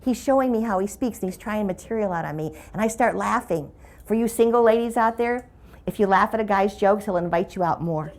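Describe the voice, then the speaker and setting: A woman's voice: medium pitch, fairly quick, darkish tone. A middle-aged woman giving a humorous keynote talk, telling stories in a playful, conversational way. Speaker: motivational speaker.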